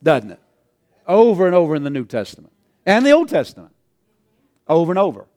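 High-pitched guy preaching, chuckles a lot, asks the crowd amen. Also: huge pitch swings, brisk, darkish tone. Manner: chuckling, call-and-response. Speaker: pastor. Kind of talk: sermon.

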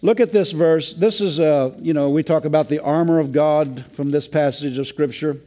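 A man's voice: fairly high pitch, normal speed, mellow. A male pastor preaching a sermon in a folksy way, with many fillers and restarts.

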